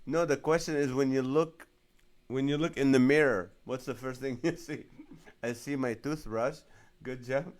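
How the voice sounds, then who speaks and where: A man's voice: mid-range voice, steady tone, normal speed. Man, comedian host, casual live chat, reads comments, laughs a lot. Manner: laughs often while reading comments aloud.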